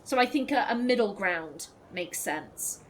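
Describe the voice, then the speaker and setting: A woman's voice: medium pitch, expressive, a little slow, a little hiss or hum. A woman commenting on a video game she is playing, ranting in exasperation and swearing freely. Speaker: let's play host. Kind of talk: gameplay commentary.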